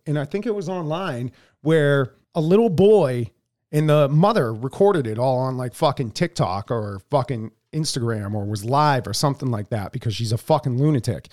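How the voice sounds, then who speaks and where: Heated, profane man, fairly high voice. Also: darkish tone. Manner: profane and heated, with stumbling repeats. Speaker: podcast co-host. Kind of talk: casual political podcast chat.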